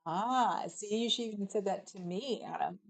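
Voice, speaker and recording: A woman's voice: medium pitch, measured pace, vocal fry, low-quality recording. Chatty middle-aged woman streamer. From California. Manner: chatty and meandering, reading viewer comments aloud, frequent laughter. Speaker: livestream host reading chat. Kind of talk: casual rambling chat.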